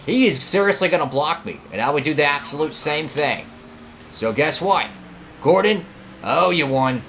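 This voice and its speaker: A young man commentating his own racing game run, excitable and talking at the other drivers. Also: a little high, normal speed, a little hiss or hum. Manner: excitable, talks to rival drivers, frequent outbursts. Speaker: gaming channel host.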